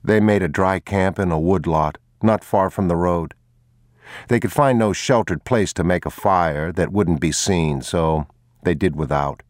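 A man with a very deep voice reading a story aloud, grave and measured, never rushing a line. The read is dry and close, with no room around it. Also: no room sound. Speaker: narrator. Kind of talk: audiobook narration.

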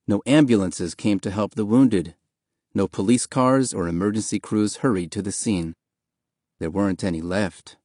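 A man narrating an audiobook in a steady, measured storytelling manner, recorded on a close studio mic. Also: lowish voice, dry recording.

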